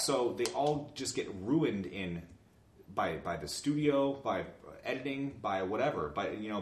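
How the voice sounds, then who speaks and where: Low, animated man in an echoey room. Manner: animated, crude and joking, stumbling restarts. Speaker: podcast co-host. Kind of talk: casual chat about movies.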